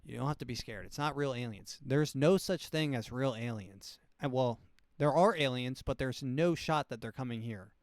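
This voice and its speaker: A man's voice: mid-range voice, normal speed, no room sound. A man hosting his comedy show, talking in a loose, profane, rambling monologue. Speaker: comedy podcast host.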